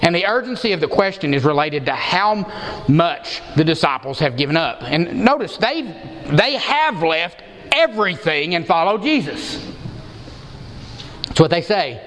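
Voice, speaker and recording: A man's voice: on the high side, sing-song, measured pace, fairly bright tone, long reverb tail, low-quality recording. A man preaching an expository sermon, emphatic and given to repeating words for stress.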